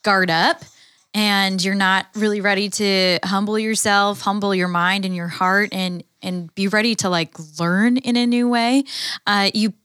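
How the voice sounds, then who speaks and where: A woman's voice: medium pitch, fairly even intonation, a little slow, a bit bright, clear, resonant tone, dry recording, clean studio sound. A woman co-hosting a casual podcast, speaking earnestly and giving her opinions. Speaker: podcast co-host. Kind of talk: casual chat.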